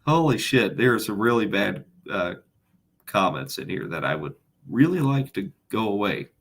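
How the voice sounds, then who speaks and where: A man hosting a casual livestream Q&A who reads viewer questions aloud and answers them with dry, deadpan humor. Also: fairly low pitch, moderate pace, vocal fry, husky.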